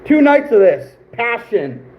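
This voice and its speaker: A man in his twenties hosting an outdoors livestream, telling stories with a voice that is going hoarse, animated and emphatic, repeating phrases for punch. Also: very high voice, slow pace, reverberant, narrow, tinny audio. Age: 20s. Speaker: outdoors channel host. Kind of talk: livestream storytelling.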